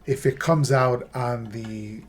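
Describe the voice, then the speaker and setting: A male podcast host with an average, mid-range voice. He asks follow-up questions, often searching for words, and answers his guest with brief agreements. The talk is relaxed and unscripted. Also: mid-range voice, takes it slowly. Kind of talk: casual podcast interview.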